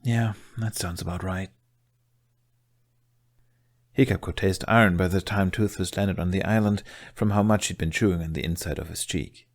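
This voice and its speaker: A man reading a fan story aloud in a steady, soft-spoken narration. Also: low-pitched, brisk, few pauses. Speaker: fanfiction reader. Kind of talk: audiobook narration.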